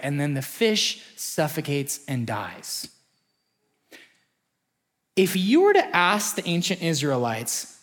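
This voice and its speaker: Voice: medium pitch, huge pitch swings, slow pace, pauses often. A preacher giving a sermon, conversational and story-driven, often acting out short quotes.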